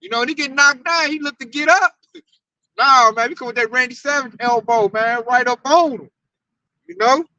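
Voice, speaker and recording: A man with a Southern US accent, teaching scripture in an animated, slangy, hyped-up way. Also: very high-pitched, normal speed, no echo, recorded from a distance, highs cut off. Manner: loud, slangy, hyped-up preaching. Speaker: Hebrew Israelite teacher.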